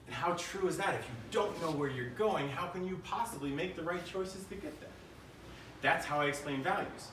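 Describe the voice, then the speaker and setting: A man giving a keynote to a room, talking in an easy conversational way and tossing questions out to the listeners. His voice sits at a middle pitch. The sound is roomy and echoing, with him a little off the mic. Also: animated, moderate pace, fairly bright tone, far from the mic, slight background noise. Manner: conversational, asks the audience questions. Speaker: keynote speaker. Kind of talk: live keynote talk.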